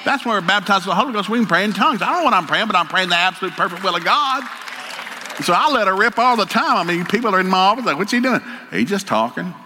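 A man's voice: high-pitched, lively intonation, fast talker, sharp tone, slight background noise. An older man giving a folksy, joking sermon as a preacher, telling stories with country humor. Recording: hall reverb, faint ambience.

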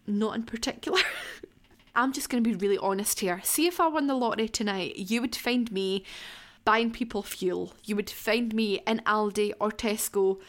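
A woman's voice: medium pitch, moderate pace. Chatty woman hosting a podcast. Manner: candid, chatty, heartfelt, occasional swearing. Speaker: podcast host. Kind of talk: casual solo Q&A podcast chat.

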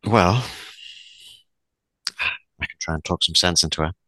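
A man playing prim Vera Bright, low and bright. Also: measured pace, dry recording, full character voice, rough recording. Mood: wistful. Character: Vera Bright, a prim polite woman investigator. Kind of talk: in-character tabletop role-play.

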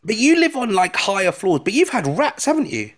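A man's voice: high-pitched, sing-song, brisk, a bit bright. A man co-hosting a casual podcast chat, rambling and enthusiastic with frequent restarts. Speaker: co-host.

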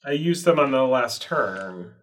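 A man's voice: medium pitch, expressive, a little slow, a bit bright. A man playing a tabletop game, tallying rolls and making dry remarks. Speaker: player. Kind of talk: casual tabletop play.

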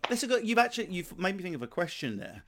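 A man's voice: high voice, sing-song, fast talker, a bit bright. Sweary blunt Essex man. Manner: blunt, sweary, laughing banter. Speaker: podcast host. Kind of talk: casual chat.

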